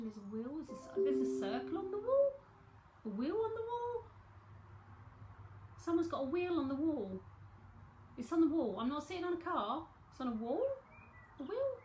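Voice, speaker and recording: A woman's voice: high voice, a little mellow, a little hiss or hum. A woman with a London accent giving a chatty live psychic tarot reading from home, repeating herself as she talks to viewers.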